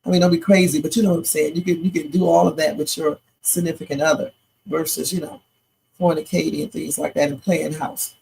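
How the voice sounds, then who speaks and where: A woman's voice: deep voice, fairly even intonation, fairly quick, creaky, warm tone, slight background noise, rough recording. A tired woman hosting a live reaction stream, chatting and rambling with preachy asides. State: sleepy, tired. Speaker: livestream reaction host. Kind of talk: casual live reaction commentary.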